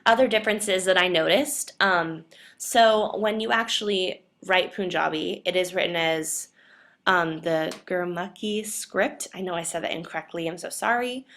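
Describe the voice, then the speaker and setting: A young woman student with a lowish, somewhat bright voice gives an earnest class presentation at a moderate pace. She carefully explains each point and repeatedly leans on the word "definitely."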